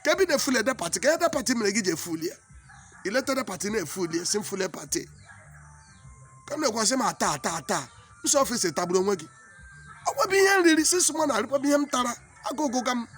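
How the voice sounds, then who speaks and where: A high-pitched Nigerian man tells a comic story in pidgin English, his Igbo roots showing through. He talks in an animated, exclaiming way and often repeats himself. Soft music plays faintly behind him. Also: fairly quick.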